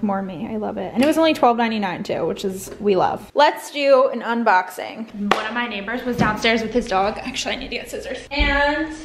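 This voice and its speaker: A young woman vlogs from her apartment, rambling casually and peppering every sentence with "like". Her voice sits a little high, and the room around her rings with echo. A faint hiss runs under the recording. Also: creaky. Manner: chatty, lots of "like" fillers. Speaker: lifestyle vlogger. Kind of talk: casual vlog chat. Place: home, apartment. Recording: echoey room.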